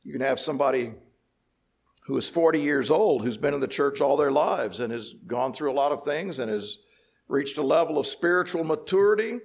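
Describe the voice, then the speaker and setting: A man delivers a sermon, walking listeners through scripture in a measured, explanatory way. His voice sits a little high, with a gravelly rasp at the edges. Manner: measured teaching tone, explains word by word. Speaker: preacher.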